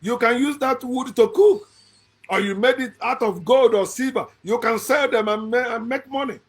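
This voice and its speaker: A man's voice: extremely high pitch, normal speed. A man giving a blunt, preachy monologue, repeating phrases for emphasis. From Nigeria. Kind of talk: impassioned monologue.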